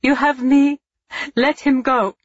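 A woman's voice: fairly high pitch, normal speed, slightly rough, no echo, lo-fi sound, pitched above the performer's own voice. A woman voicing a defiant young Jewish woman held prisoner, answering steadily and pleading for another's release.

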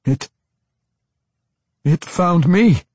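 A man's voice: animated, normal speed, a little mellow, slightly rough, no echo. A man doing a panicked commoner drow. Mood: desperate. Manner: desperate, stammering, high-strung. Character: frightened male commoner drow, pleading. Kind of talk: audiobook character voice.

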